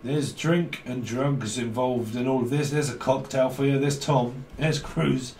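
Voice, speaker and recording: A man's voice: medium pitch, fairly even intonation, unhurried, darkish tone, roomy sound. Giggly rambling man. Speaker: tarot reader. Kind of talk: rambling tarot reading.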